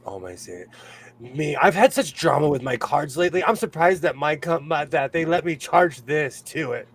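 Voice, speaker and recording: A man's voice: a little high, expressive, normal speed, a little hiss or hum. A man from California hosting a sewing livestream, chatting casually, laughing often and reading the chat aloud.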